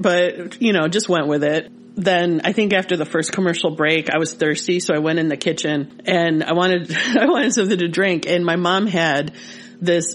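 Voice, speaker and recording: A woman in her forties from Michigan, co-hosting a podcast and telling a childhood story in a lively, casual way. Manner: animated, rises in pitch when excited. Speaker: podcast co-host.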